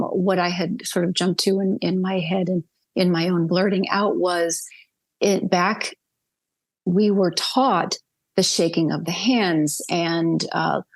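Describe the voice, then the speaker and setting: A woman's voice: fairly low pitch, creaky. A woman hosting an interview, asking long, rambling questions with hesitant fillers. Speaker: host.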